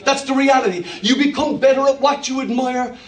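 A male pastor delivering a lively sermon in a very high voice, peppering it with questions and quips to the congregation. He sounds set back from the microphone, and the room rings with echo. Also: fairly quick. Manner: animated preacher, rhetorical questions and jokes with the congregation. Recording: echoey room from far off.

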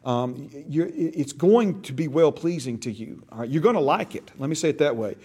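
A man's voice: on the high side, expressive, normal speed, warm tone, breathy edge. Folksy man teaching a church class. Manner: checks in often with "right?" and "okay?"; folksy, with frequent restarts and repeated words.

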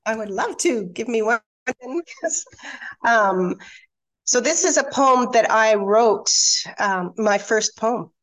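A middle-aged woman, a podcast guest, telling a painful personal story with halting restarts, then reading her own poem. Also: a little high, animated, a bit bright. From Australia. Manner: candid, emotional, halting with restarts. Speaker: guest, hypnotherapist and coach.

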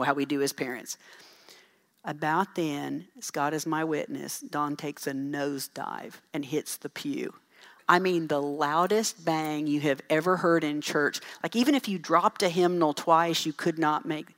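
A middle-aged woman speaking to a church audience, telling folksy, animated stories with asides about parenting. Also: low voice. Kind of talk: storytelling talk to an audience.

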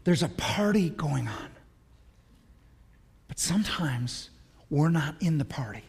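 A man preaching a sermon as pastor, swinging from hushed tenderness to loud fervor, with an altar call in a large church. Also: fairly high pitch, lively intonation, slow pace, gravelly, slightly rough. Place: large church sanctuary with a balcony. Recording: long reverb of a large hall with soft music.

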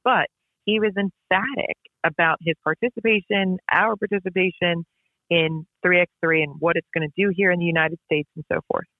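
A woman's voice: fairly low pitch, fairly even intonation, moderate pace, no echo. A woman, a basketball referee, tells stories in a casual interview, emphatic and repetitive. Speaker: basketball referee and podcast guest. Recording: tinny phone-line sound.

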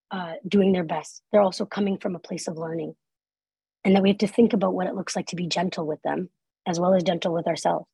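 A Canadian woman gives a live talk on workplace inclusion, sharing a personal story in an earnest, conversational way and often saying "like" and "right?". Her medium-pitched voice is darkish and slightly rough, in a dry recording with poor audio.

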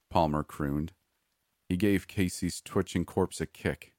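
Man, horror story narrator, measured, grim, deep low voice, dry recording. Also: darkish tone, dry recording.

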